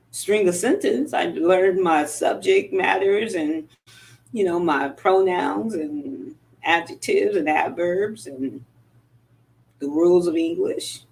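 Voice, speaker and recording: Woman doing a motivational live talk, straight-talking, kinda low voice. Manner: candid, emphatic, animated in quoted retorts. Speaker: motivational speaker.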